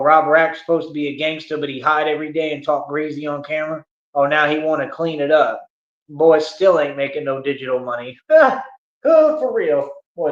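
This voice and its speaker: A streamer with a slightly high, fairly bright voice rants at his critics on a livestream, boastful, taunting, and heavy on slang. The audio is dull lo-fi stream sound in an echoey room.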